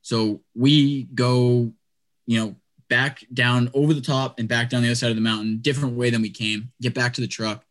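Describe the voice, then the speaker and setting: A young man casually telling a long story on a podcast, chatty and animated, peppering his talk with "like" and "dude". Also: mid-range voice, moderate pace.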